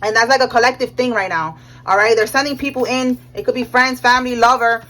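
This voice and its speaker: A young woman with a high voice talks through a tarot reading in a loose, slangy way. She keeps checking in with "all right?" and laughs often as she goes. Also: steady tone, fast talker, fairly bright tone, rough recording. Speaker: tarot reader. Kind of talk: casual tarot reading monologue.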